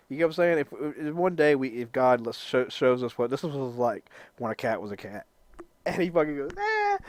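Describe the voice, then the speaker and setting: A man's voice: mid-range voice, no echo. A man vlogging in a casual ramble, profane and joking as he goes. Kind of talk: casual rambling vlog talk.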